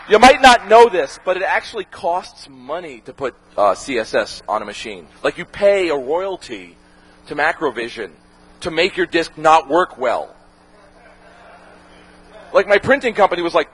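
A man with a slightly raised pitch and a husky, breathy edge talks loosely to an audience, his voice leaping up and down. He swears freely and slips into quick impressions of the people he quotes, like a filmmaker fielding questions after a screening. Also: low-quality recording. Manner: animated and profane, acts out quoted voices. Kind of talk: casual talk with Q&A.

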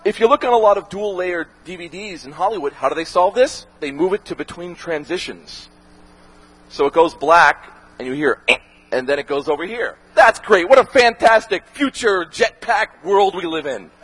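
A man, a documentary filmmaker, talking casually to an audience and answering questions, animated and profane, acting out the voices he quotes. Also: high voice, breathy edge, rough recording. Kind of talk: casual talk with Q&A.

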